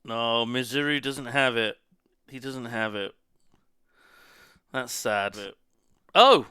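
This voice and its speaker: Bright-voiced male streamer, slow and lively. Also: mid-range voice, smooth, dry recording, studio quality. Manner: rambling, reacts to chat, swears casually. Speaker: live streamer. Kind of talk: casual stream chatter.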